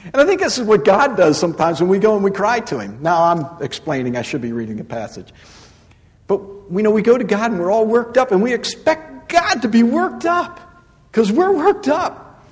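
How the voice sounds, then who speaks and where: A man preaching a sermon who reads scripture, then explains it with humor, stressing points by repeating phrases and swinging from loud to soft. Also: high-pitched, sing-song, normal speed, in a large hall. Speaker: pastor.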